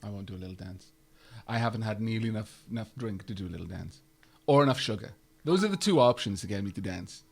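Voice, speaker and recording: Male live-stream gamer, casual and chatty, rambling asides, stumbles and fills pauses. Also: fairly low pitch, expressive, creaky, husky. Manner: stumbles over words and fills with "uh". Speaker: game streamer.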